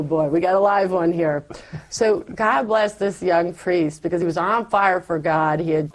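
Animated woman telling her story. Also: fairly low pitch. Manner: animated storyteller, acts out her past self. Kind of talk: candid conversational testimony.

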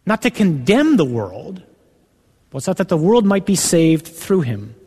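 A man giving an earnest sermon, slowing down and rising in pitch when he quotes scripture. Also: big pitch swings, mellow, husky, long reverb tail. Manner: earnest, builds to emphatic rising passages when quoting scripture. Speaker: priest.

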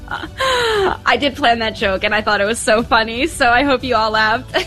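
A woman hosting a radio show, friendly and upbeat, thanking her guest and signing off with an occasional filler word. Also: sits high. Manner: bright, friendly, with filler words.

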